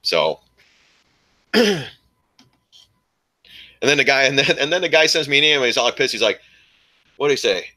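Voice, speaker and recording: A man's voice: mid-range voice, lively intonation, a little slow, long pauses, sharp tone. A man hosting a casual live stream, rambling and laughing as he rants and chats with viewers.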